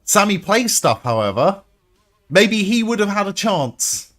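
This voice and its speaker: An excitable young man calls out the action in a lively, swooping voice that sits a little high for a man. He swears freely and laughs often, with faint music playing underneath. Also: measured pace. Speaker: streamer hosting a wrestling watch-along. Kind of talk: live reaction commentary and chat.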